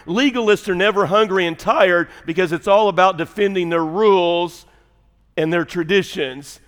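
Male pastor, high voice, folksy sermon, long church reverb. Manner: folksy, animated, storytelling with asides to the congregation. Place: church sanctuary.

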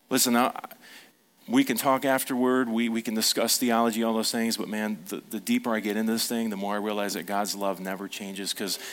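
A man's voice: lowish voice, flat delivery, moderate pace, fairly bright tone. A middle-aged man preaching a sermon as pastor, in a conversational way, telling family stories and putting questions to the congregation.

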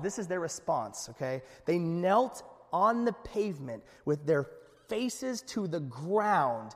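A man's voice: on the high side, takes it slowly. A man preaching a sermon to his congregation, speaking conversationally with asides and building to emphatic peaks. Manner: animated preaching with rising emphasis. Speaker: pastor. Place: church sanctuary. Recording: echoey hall.

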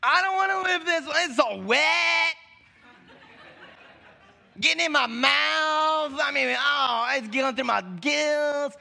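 Man doing a complaining fish, whiny, very high voice, sharp tone. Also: slow, gravelly, heavily acted. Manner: whining, exaggerated complaint.

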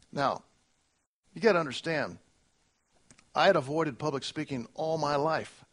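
A middle-aged male pastor preaching a sermon, earnest, moving between loud exclamations and quiet reflection. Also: medium pitch, normal speed, vocal fry, pauses often.

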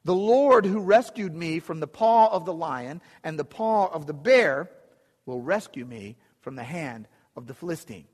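A man's voice: fairly high pitch, expressive, unhurried, in a large hall. A man retelling a story, voicing a bold teenage shepherd boy who speaks with confident indignation.

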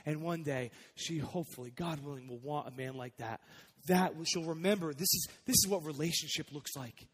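A young adult male pastor giving a sermon, conversational and personal, dropping soft then rising to emphatic points. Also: a little high, brisk. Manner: conversational preaching, swings between soft and emphatic. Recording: long hall reverb.

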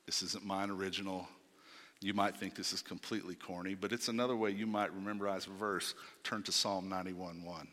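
A man preaching a sermon, emphatic, swinging from loud declarations to hushed asides and asking rhetorical questions. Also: low voice, fairly even intonation, a little fast, long reverb tail.

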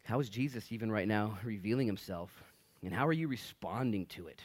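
A man preaching a sermon in a church in a casual, animated way, acting out what people and Jesus say. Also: on the low side, brisk. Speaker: pastor.

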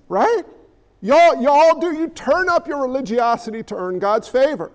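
A pastor preaches in a conversational, joking way, tossing questions out to the congregation. His voice sits very high for a man, light and reedy. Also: lively intonation, moderate pace, rough recording. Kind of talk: sermon.

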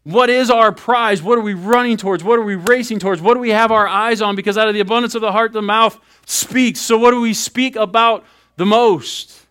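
A man in his thirties, a pastor giving a sermon in an animated, conversational way, acting out little asides. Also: high voice, fairly quick, smooth.

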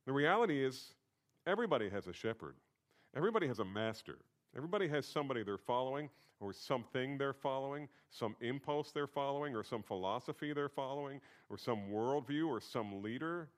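A man's voice: mid-range voice, lively intonation, a little fast. Man preaching a conversational sermon. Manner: conversational teaching with emphatic repetition. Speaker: pastor.

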